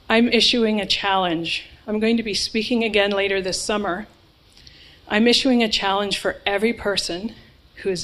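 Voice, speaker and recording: A woman's voice: medium pitch, a bit bright, poor audio. A woman preaching a sermon to a congregation, earnest and emphatic, with informal asides. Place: church hall with a live congregation.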